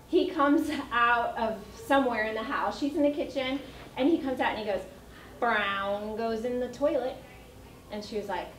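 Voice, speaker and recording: A woman's voice: fairly high pitch, a little hiss or hum. Middle-aged female educator, storytelling chat, echoey room with faint ambience. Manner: chatty storytelling with laughs. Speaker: early childhood educator. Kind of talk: parent training talk. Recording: echoey room, mic at a distance.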